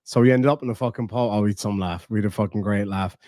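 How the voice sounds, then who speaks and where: A man's voice: on the low side, fast talker, a little mellow, no room sound, clean studio sound. A man hosting a livestream, reading out donations and telling profane, jokey stories in casual chat. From Ireland. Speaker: livestream host.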